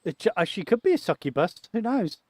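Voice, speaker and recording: A man gives casual commentary while streaming a game. He jokes and talks to himself in a slightly high voice. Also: big pitch swings, brisk, dark tone, dry recording. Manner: joking, chatty, talks to himself.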